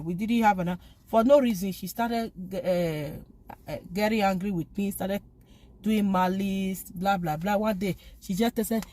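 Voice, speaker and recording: A woman's voice: mid-range voice, measured pace, mellow. A woman giving an informal spoken talk urging forgiveness, pleading and emphatic, often repeating phrases. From lives abroad, from back home elsewhere. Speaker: faith vlogger.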